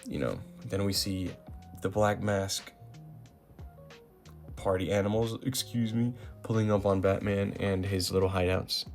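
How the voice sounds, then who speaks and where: Low gravelly dude chatting through a comic recap, slangy and chill, soft music behind. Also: male voice, fairly even intonation, unhurried. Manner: laid-back slangy summarizing with many ums. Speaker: comic book reviewer.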